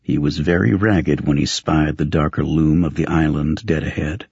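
A man reading fiction aloud as an audiobook narrator, in a steady, measured storytelling manner. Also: very deep voice, vocal fry, slightly rough, no echo, dull audio.

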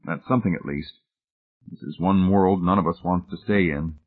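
A man voicing a decisive, commanding leader who speaks forcefully. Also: sits low, normal speed. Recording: tinny phone-like sound.

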